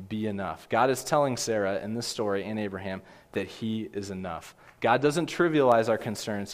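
A man preaching a sermon as pastor, earnest, asking his listeners direct questions and repeating his key points. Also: lowish voice. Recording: long hall reverb.

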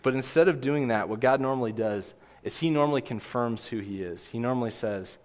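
A man in his twenties or thirties preaching a sermon as a pastor, earnest and gentle, with emphatic rises. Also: medium pitch, a little fast, few pauses. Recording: long hall reverb.

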